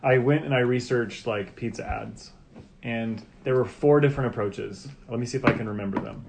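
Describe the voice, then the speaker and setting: Sex: man. Role: father hosting a family podcast. Style: casual family chat. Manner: relaxed and rambling, with many fillers. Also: mid-range voice, moderate pace, creaky, slight background noise.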